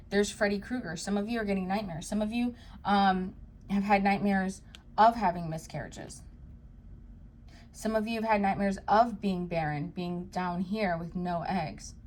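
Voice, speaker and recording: A woman giving a tarot card reading to her viewers, talking to them directly in a soft, reassuring way. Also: mid-range voice, slight background noise. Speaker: psychic tarot reader.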